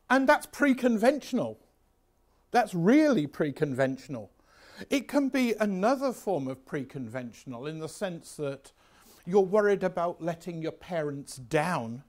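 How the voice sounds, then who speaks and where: A man in his sixties giving a revision lecture, chatty, anecdotal and self-mocking. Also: high voice. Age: 60s.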